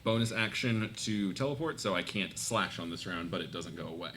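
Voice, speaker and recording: A man's voice: low voice, expressive, a little fast. A man playing a tabletop game live, giggly and apologetic as he rambles through his turns. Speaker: player. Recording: live event with faint room noise.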